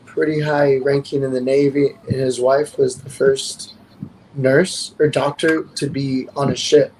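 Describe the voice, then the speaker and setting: A man with a medium-pitched, level, darkish voice hosts a casual live stream, unhurriedly rambling through stories from his life and acting out what people said. The audio is noisy, typical of a home stream.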